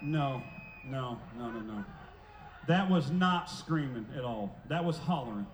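A man fronting a band on an outdoor festival stage, talking to the crowd between songs like a showman, loud and playful. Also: medium pitch, lively intonation, measured pace, background noise. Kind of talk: stage banter at a live concert. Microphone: stage microphone through a PA. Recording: echoey live festival PA sound.

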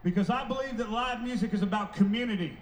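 A man fronting a band on an outdoor festival stage, talking to the crowd between songs like a showman, loud and playful. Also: high voice, fast talker. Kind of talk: stage banter at a live concert. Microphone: stage microphone through a PA. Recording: echoey live festival PA sound.

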